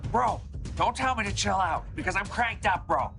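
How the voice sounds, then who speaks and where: A man's voice: high voice, expressive, moderate pace, gravelly. An actor playing an aggressive young male townie with a Boston accent, threatening and saying bro constantly, over trailer music. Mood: menacing. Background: movie trailer music.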